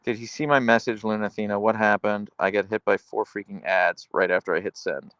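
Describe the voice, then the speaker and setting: A man's voice: fairly low pitch, steady tone, brisk, fairly bright tone, dry recording. A man live-streaming, reading viewer comments aloud in a playful, teasing, chatty way.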